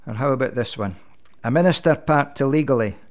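A man, a minister, runs through a string of church jokes. His delivery is dry and gentle, and his punchlines come quickly. His voice sits at an everyday middle pitch.

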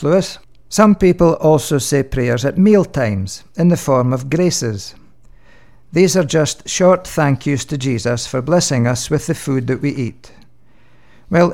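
A man's voice: medium pitch, a little mellow. A man presenting a light, playful religious talk. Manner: friendly, playful.

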